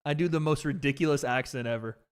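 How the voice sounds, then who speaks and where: A man hosting a casual livestream, talking in excitable slang with sudden outbursts of frustration. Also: mid-range voice, quick pace, clear, resonant tone. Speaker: livestream host.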